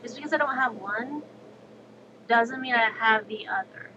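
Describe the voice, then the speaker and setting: A woman livestreamer chatting casually and outspokenly while she plays, with quick, sassy asides. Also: a little high. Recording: dull lo-fi stream audio with steady background noise.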